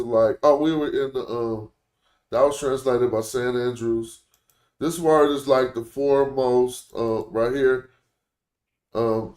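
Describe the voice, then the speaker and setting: In a mid-range voice with a darkish tone, a man teaches a language on a casual live stream, chatting through his explanations and thinking aloud. The room gives the recording an echo.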